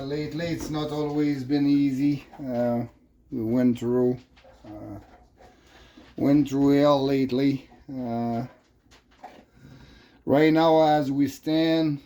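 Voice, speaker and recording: A man's voice: mid-range voice, mellow. A man with a French accent, chatting casually and rambling with jokey asides while cooking in his home kitchen. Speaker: vlogger cooking on camera. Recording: echoey kitchen with faint noise.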